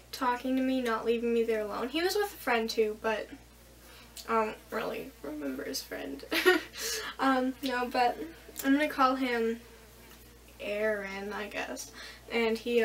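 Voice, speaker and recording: Young female vlogger, high voice, chatty storyteller who quotes people, slightly off-mic. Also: recorded from a distance. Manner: rambling, animated retelling with quoted dialogue. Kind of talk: casual storytelling. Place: bedroom.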